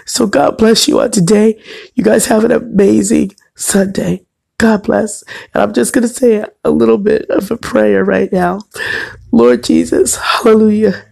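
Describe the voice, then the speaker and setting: A woman's voice: mid-range voice, steady tone, moderate pace, creaky, dark tone, slightly rough. A woman radio host giving a fervent on-air devotional message, tearful and on the verge of crying, repeating her phrases as she preaches.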